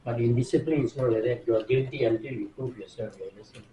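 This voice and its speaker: A man chiming in quickly from the audience of a class. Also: medium pitch, steady tone, mellow, a little hiss or hum. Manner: quick, interjecting remarks. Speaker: trainee. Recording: distant, roomy, dull.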